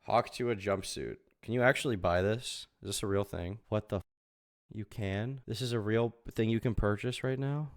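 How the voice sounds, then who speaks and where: A man streaming commentary on a podcast, ranting in an exasperated, sarcastic way with sudden loud outbursts. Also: on the low side, normal speed.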